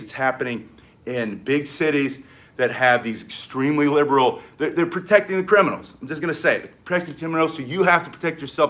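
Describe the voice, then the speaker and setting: An older man from the United States teaches stick self-defense in an excitable, energetic lesson. His voice is bright and forceful and sits a little high, and he snaps out short, emphatic commands. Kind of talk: live-streamed martial arts lesson. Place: home in South Florida.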